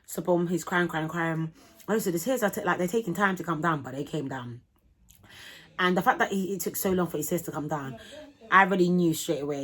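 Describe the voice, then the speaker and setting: A young woman telling a vlog storytime in animated, slangy talk, acting out the people in it. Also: deep voice, normal speed, breathy edge. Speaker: vlogger.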